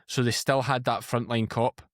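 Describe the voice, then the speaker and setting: A man in his thirties with a Scottish accent, a podcast guest telling lively, blunt stories in casual chat. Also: mid-range voice, moderate pace, no echo, clean studio sound. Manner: storytelling, animated and blunt. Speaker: podcast guest, farmer and former police officer.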